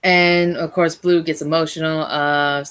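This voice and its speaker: A woman's voice: low-pitched, level tone, unhurried, fairly bright tone, clear, resonant tone. A woman giving a casual, rambling recap of an episode as a fan reviewer, often restarting and correcting herself.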